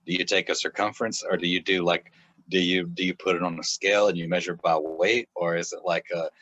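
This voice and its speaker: Man, low voice, rambling laughing storyteller; dry, muffled recording. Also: level tone, a little fast, a bit bright, no room sound. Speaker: author guest. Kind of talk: casual podcast chat. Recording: dull, dry lo-fi sound.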